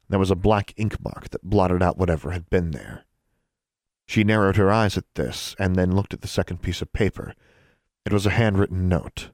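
A man narrating a novel in steady, measured storytelling. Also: sits low, dry recording, studio quality. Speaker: audiobook narrator. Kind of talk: scripted narration.

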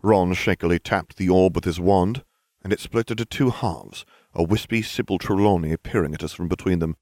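A man's voice: deep voice, normal speed, darkish tone, no room sound. A man narrating a fan fiction story in the first person, with dry, wry humor. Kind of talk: fan fiction audiobook reading.

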